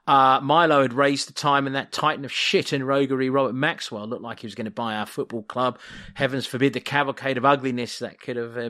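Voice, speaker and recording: A man's voice: mid-range voice, a bit bright. A man co-hosting a casual football podcast, talking in a wry, rambling, jokey way. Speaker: podcast co-host.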